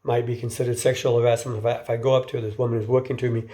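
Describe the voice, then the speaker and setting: A man's voice: mid-range voice, little pitch movement, racing, warm tone. A man giving an informal lecture in a conversational way, often restarting and repeating words and asking his listeners questions.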